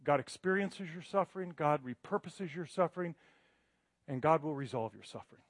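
A man's voice: fairly high pitch, lively intonation, brisk, dry recording. Middle-aged man preaching in conversational tones. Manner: conversational, self-deprecating, rising to emphatic passages. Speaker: guest preacher. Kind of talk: sermon. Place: church sanctuary.

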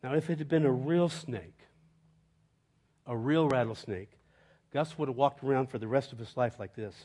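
Preaching a sermon, this middle-aged male pastor alternates between lofty, forceful declarations and quiet, chuckling anecdotes. He speaks at a normal speed in a medium pitch.

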